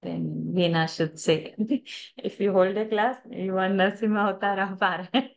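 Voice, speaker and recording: A woman's voice: mid-range voice, unhurried, vocal fry, lo-fi sound. A woman teaching a scripture chanting class over a video call, chatting casually, laughing often and trailing off mid-sentence. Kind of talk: casual online class chat.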